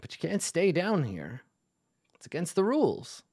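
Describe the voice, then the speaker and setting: A man's voice: on the high side, wildly swooping pitch, moderate pace, darkish tone, slightly rough, voice pushed up, heavily acted. A man voicing a smug old male dwarf who leans on a staff and needles the heroes. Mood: needling. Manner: cajoling, mock-reasonable.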